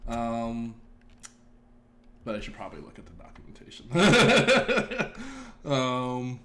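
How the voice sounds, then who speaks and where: Man, casual live-stream chat, rambling, swears, mid-pitched voice, keyboard typing behind. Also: animated, measured pace, fairly bright tone, slight background noise. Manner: rambling, self-deprecating, swears and laughs, talks to chat. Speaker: game dev streamer.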